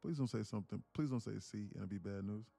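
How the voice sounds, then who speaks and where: A man's voice: lowish voice, quick pace, gravelly, dark tone, soft background music. A man hosting a trading live stream in a loose, casual way, often repeating himself and restarting phrases as he reads the chat. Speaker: livestream trading host.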